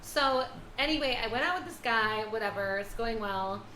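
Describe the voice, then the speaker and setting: A woman guest on a casual podcast, telling a story with animated delivery and frequent laughter. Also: on the high side, normal speed, a little hiss or hum. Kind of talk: casual chat. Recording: roomy echo.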